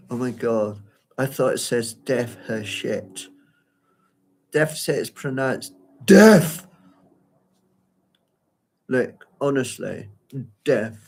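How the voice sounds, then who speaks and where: A man's voice: medium pitch, animated, extremely slow, gravelly, long pauses, darkish tone. A man giving a live solo performance at home, rambling and flustered as he talks to himself. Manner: rambling, flustered self-talk. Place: at home by a window.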